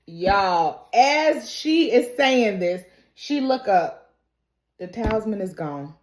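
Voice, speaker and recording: A woman giving a casual, animated recap and reaction, laughing often and acting out the characters' quotes. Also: mid-range voice, takes it slowly. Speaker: TV recap vlogger. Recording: roomy echo.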